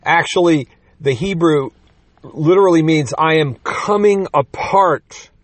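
A man's voice: a little high, unhurried, dry recording. A man preaching a sermon in a conversational teaching manner, with rhetorical questions and quips, growing emphatic on key points.

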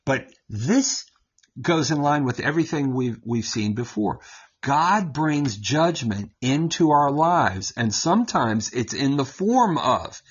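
Animated husky man teaching the Bible. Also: mid-range voice, slow, highs cut off. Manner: animated, keeps asking "right?" and laughs while explaining. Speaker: Bible teacher on a talk show.

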